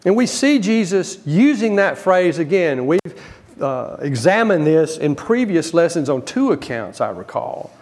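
Emphatic higher-voiced male preacher. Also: big pitch swings, measured pace, darkish tone. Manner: emphatic, rising to stress key words then dropping low. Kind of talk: Bible teaching sermon.

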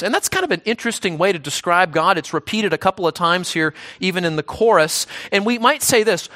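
A man's voice: high-pitched, lively intonation, fairly quick, hardly any pauses, bright, forceful tone. A man, the pastor, preaching a sermon in a conversational way, often restarting phrases and checking in with "right?".

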